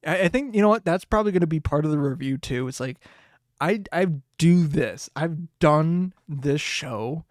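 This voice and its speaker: A man hosting a casual solo podcast, rambling, swearing and laughing often, with sudden jumps in pitch. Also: animated, normal speed, no echo, studio quality. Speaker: podcast host.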